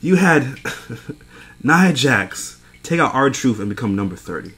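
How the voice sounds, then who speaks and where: A man's voice: medium pitch, big pitch swings, takes it slowly, a bit bright, a little hiss or hum. A young man recapping a wrestling event in a casual, profane rant, exasperated and laughing between points. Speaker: wrestling show reviewer.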